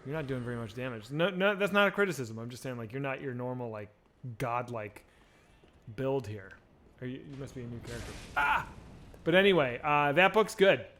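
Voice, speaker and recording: While streaming a game, a man with a medium-pitched, slightly bright voice speaks a little fast as he chats casually with viewers. He rambles, swears, and keeps restarting his sentences.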